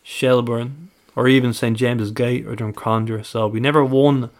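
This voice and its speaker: A man's voice: medium pitch, steady tone, moderate pace. A man co-hosting a casual podcast, methodically reeling off stats, dates and records. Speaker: podcast co-host, stats presenter.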